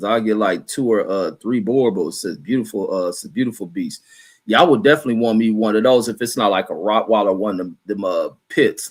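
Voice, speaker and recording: A man's voice: medium pitch, fairly bright tone. A middle-aged man hosting a livestream, reading viewer comments aloud and riffing on them in a blunt, profane, rambling way. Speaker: livestream host.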